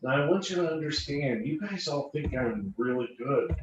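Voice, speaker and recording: A man's voice: medium pitch, expressive, normal speed. A man on a panel, telling sales stories and repeating phrases for emphasis, heard through a video call. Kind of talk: panel talk with anecdotes. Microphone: video call computer mic. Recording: echoey, distant, dull lo-fi call audio, faint hiss.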